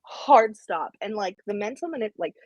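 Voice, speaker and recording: A woman co-hosting a podcast over AirPods, gushing and halting with many restarts. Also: medium pitch, lively intonation, no room sound, highs cut off. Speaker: podcast co-host. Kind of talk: casual podcast chat.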